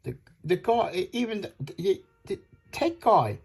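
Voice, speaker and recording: A man's voice: high-pitched, very animated, unhurried, breathy edge, faint music behind. A middle-aged man from Australia who sells audio kits, talking in an indignant, repetitive rant and retelling phone calls. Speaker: audio kit seller. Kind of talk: ranting monologue.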